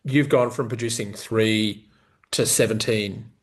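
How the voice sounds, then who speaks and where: A man interviewing a guest, asking casual, probing questions in a relaxed conversational way. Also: fairly low pitch, unhurried.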